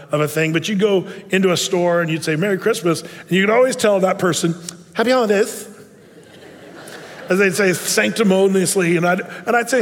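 Male pastor, high voice, chatty digressive sermon with long hall reverb. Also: fairly bright tone. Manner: conversational, digressive, with many restarts.

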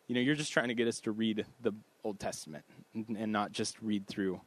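A man's voice: mid-range voice, steady tone, fairly quick, a bit bright, dry recording. Laid-back guy preaching, chatty and self-deprecating, mid voice, dry close sound. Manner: conversational, self-deprecating, asides with light laughs. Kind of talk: casual expository sermon.

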